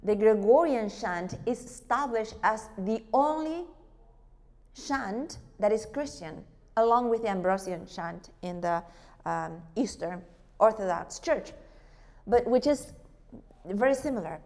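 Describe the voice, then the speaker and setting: A woman teaching a church group about worship music, lively, asking rhetorical questions. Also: medium pitch, measured pace. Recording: long hall reverb.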